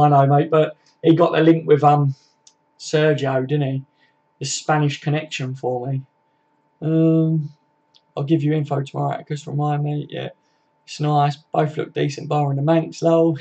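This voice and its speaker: A young man chats loosely on a home live stream, swearing and calling everyone "mate". His voice sits a bit high and stays fairly flat in pitch. The audio is dull and lo-fi. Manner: chatty, laddish, swears freely, says "mate" a lot. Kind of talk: casual live stream chat reading viewer comments.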